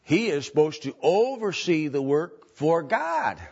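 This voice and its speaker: Slow, halting male Bible teacher. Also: a little high, sing-song, creaky, slightly rough. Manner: slow and halting, many ums and restarts. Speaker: preacher. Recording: dull lo-fi recording.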